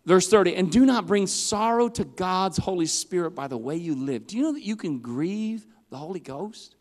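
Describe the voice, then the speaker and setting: Animated high-voiced male youth preacher. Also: moderate pace. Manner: animated preaching, swings from loud to hushed. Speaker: youth pastor. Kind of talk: youth sermon. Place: church hall. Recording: long hall reverb.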